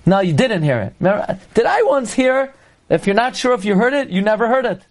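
A man with a high voice teaches a class on prayer. He tells stories and keeps slipping in Hebrew and Yiddish terms. Now and then he breaks into loud exclamations. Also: big pitch swings, a little fast. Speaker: Torah teacher.

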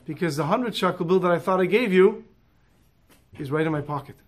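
A man's voice: sits high, fairly quick. A man doing a stubborn bus passenger. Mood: explaining. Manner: insistent, complaining. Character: stubborn male bus passenger counting his change.

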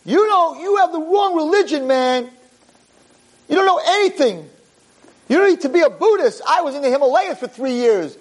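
A man voicing an angry, defiant tattooed young man who talks in shrill, indignant outbursts. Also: very fast, few pauses, darkish tone, poor audio.

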